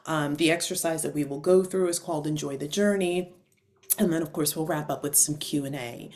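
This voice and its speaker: A woman's voice: low voice, a little fast, darkish tone. A woman coach teaching an online class, telling personal stories in a frank, informal way to her audience. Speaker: coach and advisor.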